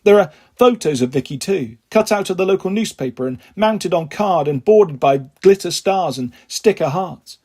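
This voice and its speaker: A man reads a children's novel aloud, telling it steadily in the first person. His voice is husky and breathy and sits high for a man. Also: lively intonation, normal speed, hardly any pauses, darkish tone. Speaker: audiobook reader.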